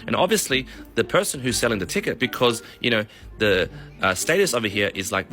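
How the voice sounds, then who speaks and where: A man who works as a mortgage broker, ranting in a profane, animated way on a casual vlog. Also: lowish voice, quick pace, faint music behind.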